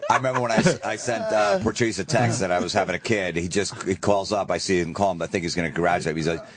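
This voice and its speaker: A man's voice: deep voice, fast talker, heavy background noise. A man telling a funny story as a guest comic on a radio talk show, quoting what others said. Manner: lively, quotes others in their voices. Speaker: comedian guest.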